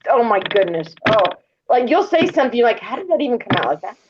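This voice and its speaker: Animated high-voiced woman telling stories. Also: quick pace, lo-fi sound, background noise. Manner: animated, swearing, acts out quoted dialogue. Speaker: host of a live voice chat room. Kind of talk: casual storytelling chat.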